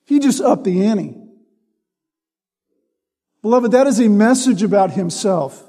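A man delivers a sermon in a high, mellow voice, taking his time over each phrase. He teaches patiently and stresses key words as he reads scripture. His voice rings out with a long reverb, as in a large hall. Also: expressive, husky. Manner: teaching, reads scripture aloud with measured emphasis. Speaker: preacher.

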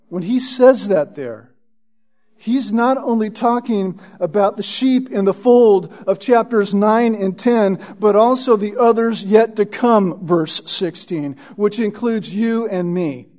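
Emphatic high-pitched male preacher. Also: takes it slowly, a little mellow. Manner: emphatic, repeats "Right?" to the listeners. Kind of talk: expository sermon.

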